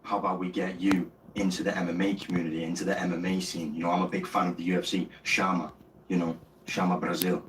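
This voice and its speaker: A man's voice: low-pitched, level tone, quick pace. A man telling a rambling mock testimonial, filling gaps with "you know what I mean". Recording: echoey distant clip with faint noise.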